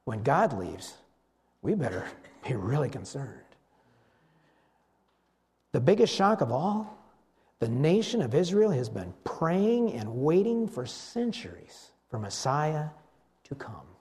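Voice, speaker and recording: A man preaching a sermon, telling Bible stories with animated delivery and acting out the voices of the people in them. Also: medium pitch, slow, long pauses. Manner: animated storytelling, acts out voices of biblical figures.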